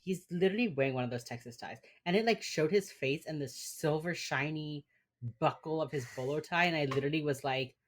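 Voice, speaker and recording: A woman with a Miami Cuban-American accent and a very deep voice co-hosts a podcast in loose, casual chat. She talks in a laid-back way, with lots of fillers and swearing. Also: brisk, a little hiss or hum. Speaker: podcast co-host. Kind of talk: casual chat recapping an episode.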